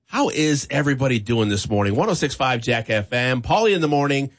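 A man's voice: medium pitch, sing-song, a little fast. A man hosting a morning radio show, chatting in an upbeat way and laughing easily. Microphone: studio microphone.

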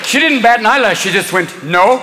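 A man's voice: very high voice, animated, a little fast, heavy background noise. A male stand-up comedian performing a manic routine live, jumping in and out of wild character voices. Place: large theater stage. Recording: live show, hall reverb, loud crowd.

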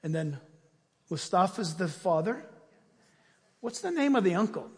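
A male pastor delivering a sermon and then a fervent, loud closing prayer. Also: high-pitched, big pitch swings, a little slow, in a large hall.

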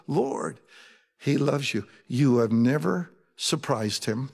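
A man preaching a sermon as pastor, talking in a conversational, animated way with asides to his congregation. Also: medium pitch, slow, vocal fry, husky, in a large hall.

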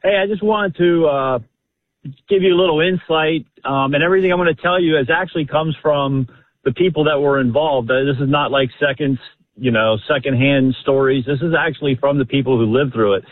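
Over a tinny phone line, a male caller to a radio show tells a family story, eager and rambling, with plenty of fillers. His pitch sits fairly high, he talks fairly quickly, and there's no room sound.

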